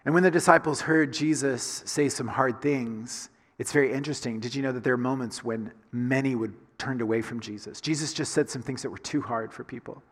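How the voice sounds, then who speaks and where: Husky Southern man preaching in a hall. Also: medium pitch, brisk, few pauses. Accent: Southern American. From Southern United States. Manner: conversational preaching with rhetorical questions. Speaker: pastor. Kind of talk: sermon.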